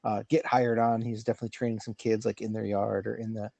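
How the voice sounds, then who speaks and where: A male podcast co-host with a mellow, darker tone at an ordinary pitch. He jumps in eagerly and trips over his own restarts. The sound is dry and close, with no room around it. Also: flat delivery, fast talker, vocal fry, no room sound. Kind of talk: casual chat.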